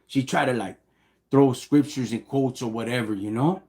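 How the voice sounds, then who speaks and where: A gravelly-voiced middle-aged man on a live stream, telling a story in a casual way. He talks in street slang and acts out the dialogue. His pitch sits in an ordinary middle range. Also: brisk. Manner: animated, slang-heavy, quotes people in dialogue.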